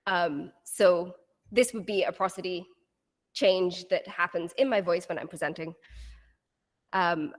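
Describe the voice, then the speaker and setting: A woman's voice: fairly low pitch, steady tone, a little slow, long pauses, in a large hall. Lecturing woman with rising sentence ends. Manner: rising intonation at the end of sentences. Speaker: guest lecturer. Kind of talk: university lecture.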